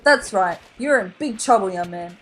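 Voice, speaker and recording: An anxious, overprotective father clownfish, stern and worried in every word, as a woman reads him out. The voice runs a little higher than hers and swings widely in a storybook reading. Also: lively intonation, normal speed, a bit bright, a little hiss or hum, natural voice.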